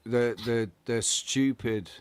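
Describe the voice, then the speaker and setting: A man's voice: medium pitch, fairly even intonation, slow pace, clean tone, no room sound. A man hosting a casual live-stream chat, blunt and swearing, often restarting his words. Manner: blunt, swearing, repeats words while searching. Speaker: host.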